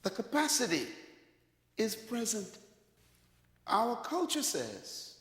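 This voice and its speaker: A man's voice: high voice, wildly swooping pitch, slow, long pauses, a bit bright. A man preaching a sermon, telling a story dramatically and acting out the dialogue. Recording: echoey hall, long reverb.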